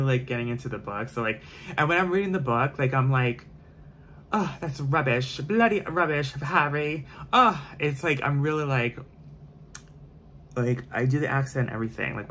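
A man doing his makeup for the camera and chatting the whole time, opinionated and easily sidetracked. His voice sits at a middling pitch, and faint noise hums in the background. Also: creaky, a bit bright. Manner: chatty, opinionated, goes off on tangents. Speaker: beauty vlogger. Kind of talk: casual chat during a makeup tutorial.

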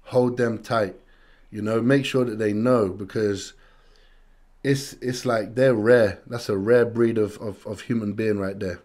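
A man's voice: fairly low pitch, fairly even intonation, unhurried, a little mellow. A British man from the UK hosting a music reaction, talking in a casual, earnest and reflective way and repeating phrases for emphasis.

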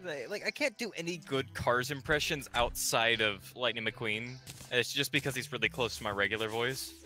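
A man's voice: mid-range voice, soft background music. A man streaming a game, chatting casually, giggling often and slipping into impressions. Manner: giggly, lively, quick to do voices. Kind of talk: casual gaming chat.

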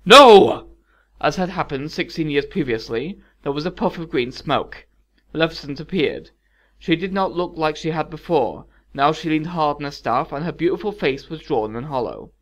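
A man reading a dark fairy tale aloud in a measured, expressive way as a storyteller. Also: a little high. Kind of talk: scripted fairy-tale narration.

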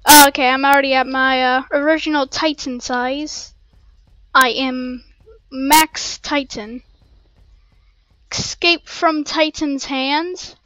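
A woman casually commentating her gameplay in an excitable, rambling way, full of playful slang, on a cheap home mic. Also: high voice, slow, no room sound, lo-fi sound. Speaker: gameplay streamer. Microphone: cheap desk mic.

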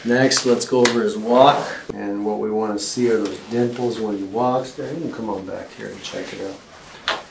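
A man's voice: on the low side, fairly even intonation, normal speed, vocal fry, reverberant, noisy background. A man working as a chiropractor, explaining x-rays and exam findings to a patient in a casual, joking way. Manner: casual, joking, talks as he shows. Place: clinic exam room.

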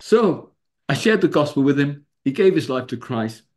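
A middle-aged pastor with a slightly high voice tells stories over a video call at a normal speed. He's a lively storyteller who laughs often and acts out the people he's describing.

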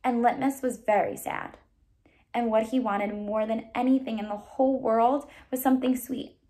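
A woman reading a children's novel aloud, pausing to explain words to listeners. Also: fairly high pitch, fairly even intonation, mellow. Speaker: reader.

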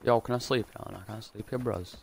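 A man's voice: on the low side, fairly even intonation, fast talker, vocal fry, slight background noise. A man doing casual, rambling gameplay commentary, jokey and full of swearing. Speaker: gaming YouTuber. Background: game music.

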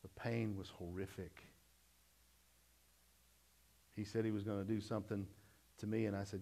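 Folksy pastor telling a story. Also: male voice, on the low side, flat delivery, a little fast, vocal fry. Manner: folksy storytelling testimony, swings from loud to hushed. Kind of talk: sermon.

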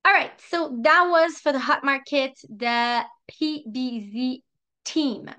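A woman with a French accent, coaching listeners in a lively, chatty way and acting out sample phrases. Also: high voice, takes it slowly. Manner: lively, chatty, repeats herself. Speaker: sales trainer. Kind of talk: coaching talk with role-played examples.

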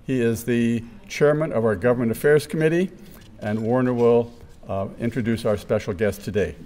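A man's voice: mid-range voice, moderate pace, a little mellow. A man hosting a chamber of commerce forum, thanking the sponsors and naming guests in the meeting room in a friendly, informal way. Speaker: chamber of commerce event host. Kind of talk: welcoming remarks at a business forum.

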